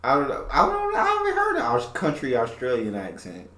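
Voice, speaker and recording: A man's voice: medium pitch, wildly swooping pitch, fairly quick, pushed and bright. A man hosting a reaction video, chatting casually and teasing with a joking manner. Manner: joking, teasing, laughs easily. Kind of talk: casual chat. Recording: echoey room.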